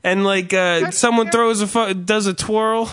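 A man with a slightly high voice who hosts a casual podcast. He riffs with crude jokes and teasing. He speaks in a relaxed, offhand way. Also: measured pace, clean tone. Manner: crude, joking banter. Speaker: podcast host.

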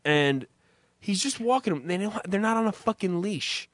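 Animated profane storytelling man. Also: high-pitched, moderate pace, dry recording. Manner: rambling storyteller, profane, many restarts. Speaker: podcast co-host. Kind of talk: casual chat.

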